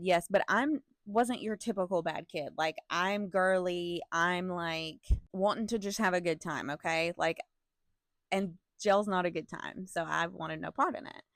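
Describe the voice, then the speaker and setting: A young woman telling a story from her school days in an animated, profane manner, with laughing asides to her viewers. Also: fairly low pitch, normal speed, dry recording, studio quality. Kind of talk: casual storytime vlog.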